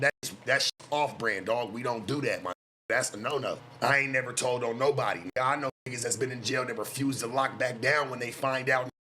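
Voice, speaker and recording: A man's voice: medium pitch, pushed and bright, a little hiss or hum. A man with an American West Coast street accent, ranting on a casual livestream in blunt, profane street talk and repeating himself for emphasis. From West Coast of the United States. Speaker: streamer and self-styled life coach.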